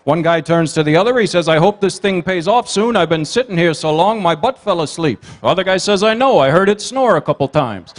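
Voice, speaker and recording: A high-voiced man does a stand-up routine as the evening's emcee. He tells quick one-liners and teases people in the audience, and his voice carries through a banquet hall. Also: animated. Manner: rapid one-liners with teasing crowd work. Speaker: comedian and emcee at a gala dinner.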